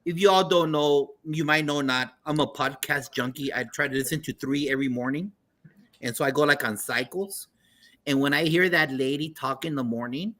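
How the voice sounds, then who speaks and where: A man's voice: a little high, pushed and bright. A man hosting a panel chat, talking enthusiastically and restarting his sentences. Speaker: host.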